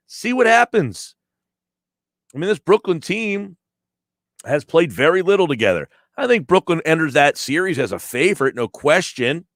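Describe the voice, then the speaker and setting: A man with a fairly high, somewhat bright voice hosts sports talk radio, recorded on a studio microphone with no echo and studio quality. He rants emphatically and sarcastically, mocking callers' complaints with mock quotes.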